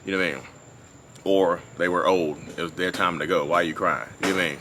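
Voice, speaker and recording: A man's voice: deep voice, fairly even intonation, fast, bright, forceful tone, faint music behind. A man filming a casual vlog at a beach, talking through his feelings in a rambling, repetitive way and often asking "you know what I mean". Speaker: vlogger discussing his own narcissism. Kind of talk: casual unscripted monologue. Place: outdoors at a beach. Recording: outdoor ambience with passing traffic.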